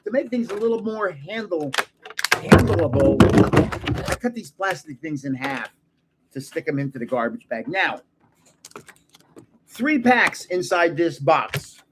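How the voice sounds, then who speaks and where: Older man, fairly high voice, animated, rambling storyteller, chatty card-opening host. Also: moderate pace, long pauses, heavy background noise. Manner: rambling, chatty storyteller who laughs at his own jokes. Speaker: card collector channel host. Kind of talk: casual chat while opening cards.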